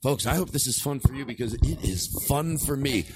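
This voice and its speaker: A man's voice: medium pitch, expressive, brisk, noisy background. A man hosting a podcast in a studio, joking around, swearing and rambling between bits. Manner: rambling, jokey, swears, breaks into silly voices. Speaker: podcast host. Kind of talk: loose, joking banter in studio. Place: podcast studio with a small stage.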